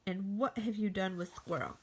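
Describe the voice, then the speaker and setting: A woman's voice: medium pitch, moderate pace, slightly rough, pitched below the performer's own voice. Woman voicing Bird, a brash teasing bird.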